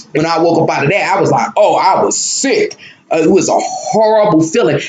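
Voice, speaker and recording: A man's voice: on the high side, gravelly, darkish tone, reverberant, a little hiss or hum, low-quality recording. A man telling of a dream in an emotional, searching monologue, often repeating himself and trailing off. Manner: emotional, searching, repetitive, halting. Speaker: spiritual vlogger. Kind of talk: personal monologue about a dream.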